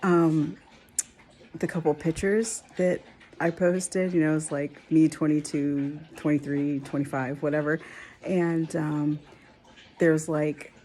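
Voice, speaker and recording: A woman in her forties speaking in a personal vlog, tearful and soft, often dropping to a whisper. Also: low voice. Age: 40s. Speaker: vlogger.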